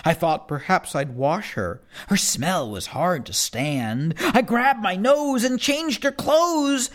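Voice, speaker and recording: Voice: mid-range voice, lively intonation, takes it slowly. A reader performing rhyming children's poems in a first-person kid's voice, with a playful sing-song delivery.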